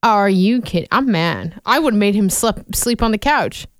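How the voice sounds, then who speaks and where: A young woman co-hosting a radio show, trading quick, teasing banter. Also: medium pitch, expressive, no room sound, clean studio sound. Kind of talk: casual radio chat. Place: radio studio.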